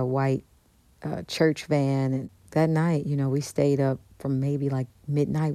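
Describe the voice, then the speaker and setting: A woman guest in a radio interview, telling a story in an animated way and acting out the voices of the people in it. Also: rumbling low, no room sound.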